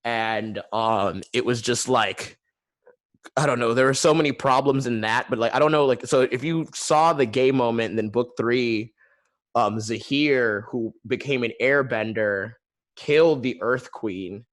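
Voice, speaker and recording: A man's voice: mid-range voice, a little slow, fairly bright tone. A man guest artist talking casually on a video call, rambling with lots of filler words. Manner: rambling, heavy use of "like" fillers.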